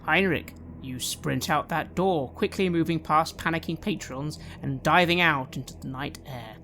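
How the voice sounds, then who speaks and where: A woman narrating as game master for a tabletop roleplaying game, describing scenes in measured detail. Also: deep voice, a bit bright, a little hiss or hum.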